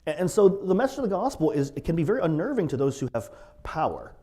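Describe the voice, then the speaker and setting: A man's voice: on the high side, very animated, fast talker, dark tone. A male pastor, preaching a sermon in a conversational, storytelling way with asides.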